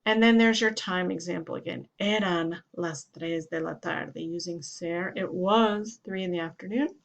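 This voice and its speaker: A woman Spanish teacher giving a grammar lesson, explaining steadily and following each example sentence with its translation. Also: medium pitch.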